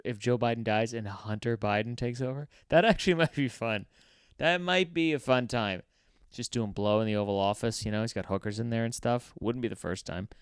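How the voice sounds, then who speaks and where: A man's voice: mid-range voice, clean tone, no echo, studio quality. A man hosting his comedy podcast, rambling through a profane, offhand solo monologue. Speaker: podcast host.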